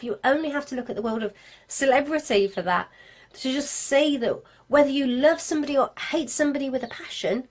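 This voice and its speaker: Chatty Brummie woman teaching a live class. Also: fairly high pitch. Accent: Birmingham English (Brummie). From England. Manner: chatty, lively and self-deprecating, talking to viewers. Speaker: craft business marketing teacher. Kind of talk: live-streamed video class. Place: home studio with lights, indoors.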